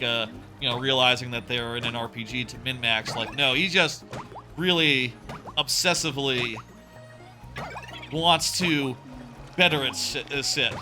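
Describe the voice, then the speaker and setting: Young guy rambling over a game, cusses a lot, kinda high bright voice, game music faint behind. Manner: rambling, chatty, swears casually. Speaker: let's play host. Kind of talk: casual gaming commentary.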